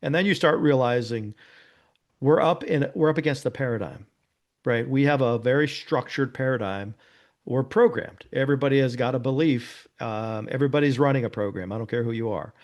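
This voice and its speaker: A man's voice: medium pitch, a little fast. Earnest man telling his story. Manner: earnest, anecdotal, peppered with "you know" and "right?". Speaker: interview guest, nonprofit founder. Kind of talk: casual conversational storytelling.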